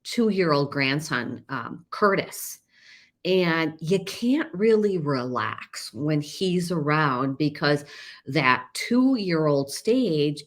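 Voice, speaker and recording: A middle-aged woman with a low, deep voice talks through her ideas as a podcast host. She speaks slowly and earnestly, often restarting a phrase or repeating a word as she explains. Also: a bit bright. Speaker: podcast host and caregiver coach. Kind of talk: solo podcast teaching.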